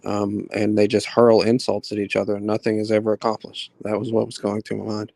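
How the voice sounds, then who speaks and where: Soft-voiced man in laid-back chat. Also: lowish voice, completely flat delivery, a little fast, vocal fry, no room sound. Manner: laid-back slangy talk. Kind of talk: casual chat on a live voice call.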